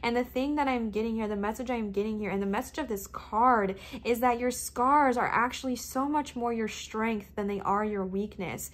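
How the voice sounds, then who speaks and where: A young woman giving an earnest tarot reading to her viewers, speaking in steady, repeated affirmations. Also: fairly high pitch. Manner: earnest, repetitive affirming cadence. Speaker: tarot reader. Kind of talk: tarot pick-a-card reading.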